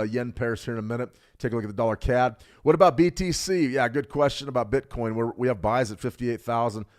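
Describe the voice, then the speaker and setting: A middle-aged man hosting a live trading stream, talking fast and joking with viewers while he reads the chat. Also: mid-range voice. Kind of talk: live market analysis, reading chat.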